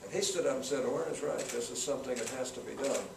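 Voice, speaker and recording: A man's voice: mid-range voice, racing, vocal fry. An older man telling a long political anecdote to a student audience in a folksy, storytelling manner. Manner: folksy anecdotal, acts out quotes. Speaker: guest speaker, senator. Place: campus event room. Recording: roomy, from far off, noisy.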